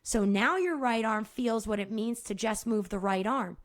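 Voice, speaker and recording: A middle-aged woman hosts her own podcast and explains movement therapy in an energetic, casual monologue. She swears freely and laughs at her own slips. Her voice sits a little high and sounds close and dry. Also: moderate pace, no echo.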